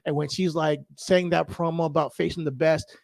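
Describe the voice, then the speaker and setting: A man co-hosting a podcast in casual chat, animated and laughing, getting emotional as he talks. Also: on the high side, moderate pace, vocal fry, no room sound. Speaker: podcast co-host.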